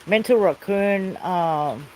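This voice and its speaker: Mellow and fairly low in pitch, this Australian woman speaks slowly in a rambling, easygoing casual chat for her vlog, seated outdoors by a fire as rain falls. She occasionally calls out to people off camera; the recording is low quality with slight background noise.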